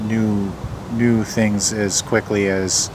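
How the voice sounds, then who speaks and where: A man who brews craft beer, explaining in a relaxed, casual way, often hesitating with fillers. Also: lowish voice, slow, background noise.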